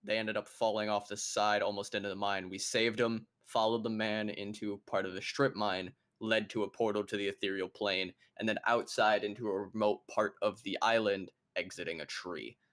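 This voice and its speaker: A man's voice: fairly low pitch, little pitch movement, normal speed, few pauses, fairly bright tone. A man playing in a tabletop game, talking in a casual, matter-of-fact way. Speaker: player.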